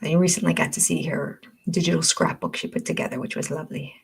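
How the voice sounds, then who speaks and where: A woman's voice: sits low, sing-song, fast, creaky, breathy edge. An older woman hosting a livestream, chatting casually, reading viewer comments aloud and laughing often. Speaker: livestream host.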